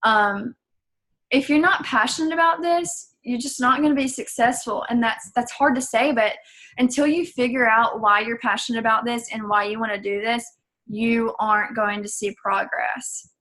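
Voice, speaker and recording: A woman's voice: a little high, moderate pace, sharp tone. A young woman from Georgia, a fitness coach talking her team through tips on a call, chatty and emphatic, acting out sample messages.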